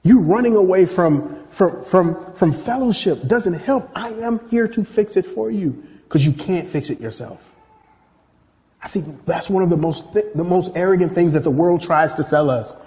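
Man preaching in an echoing hall. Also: a little high. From Nigeria. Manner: animated storytelling, acting out quoted voices. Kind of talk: sermon.

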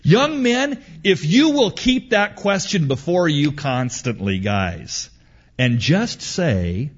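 A man's voice: fairly high pitch, very animated, slow pace, slightly rough. A middle-aged man preaching a sermon to young men. He tells stories in an emphatic, repetitive way. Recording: dull lo-fi recording.

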